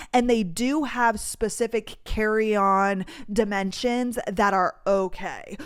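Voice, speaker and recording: A woman's voice: mid-range voice, clean tone. A young woman in her twenties hosting a podcast, telling a story in a casual, chatty way with many fillers. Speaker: podcast host.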